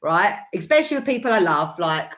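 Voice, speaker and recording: A woman chats casually and warmly on a video call. Her voice sits at a medium pitch. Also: very animated, a little fast. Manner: warm, chatty, friendly goodbyes. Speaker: guest.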